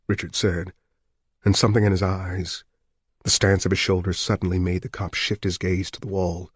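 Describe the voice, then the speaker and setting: Deep, husky male reader for a tense thriller audiobook, close dry mic. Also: level tone, moderate pace, no room sound. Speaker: audiobook narrator. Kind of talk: scripted narration.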